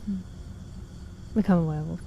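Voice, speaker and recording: A woman's voice: fairly low pitch, fairly even intonation, fairly quick, creaky, muffled recording, slight background noise. A woman chatting casually while streaming a game, reading and answering chat in a self-deprecating way.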